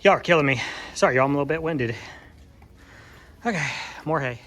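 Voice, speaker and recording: A man's voice: fairly high pitch, lively intonation, brisk, long pauses, a bit bright, faint music behind. A farmer vlogging in a goat barn, chatting playfully and cooing baby talk at his goats. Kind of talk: casual vlog chat with farm animals.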